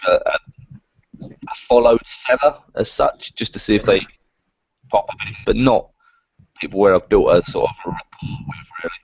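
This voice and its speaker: A British man with a low, gravelly voice talks in a hesitant, self-deprecating way, and his pitch jumps around a lot when he mimics others. The sound is dry and muffled, like call audio. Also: normal speed, long pauses, no echo. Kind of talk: casual chat.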